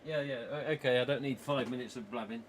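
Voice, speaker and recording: Talking fast in a medium-pitched voice over a little hiss or hum, an East Midlands man hosts a live stream from his small home office. He rambles casually with viewers and laughs often.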